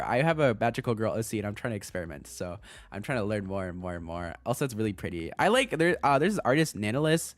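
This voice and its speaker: A young man chatting casually on a livestream as a VTuber streamer, excitable, laughing often and swearing freely. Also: mid-range voice, quick pace, no room sound.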